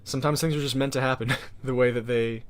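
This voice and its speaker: A man's voice: medium pitch, steady tone, fast talker, clean tone. Male streamer, Portuguese native, American-sounding accent; casual, rambling chat with lots of restarts. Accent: American-sounding English. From Brazil. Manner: rambling, self-correcting, with frequent restarts. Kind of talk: casual livestream chat, reading chat aloud.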